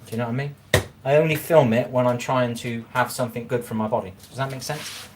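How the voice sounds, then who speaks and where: Male streamer, mid-pitched, loose and rambling, talking to chat from his kitchen, faint background hiss. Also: steady tone, quick pace. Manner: rambling, chatty, repeats himself, talks straight to viewers. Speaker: livestream host reading chat. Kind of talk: casual live-stream chat while cooking.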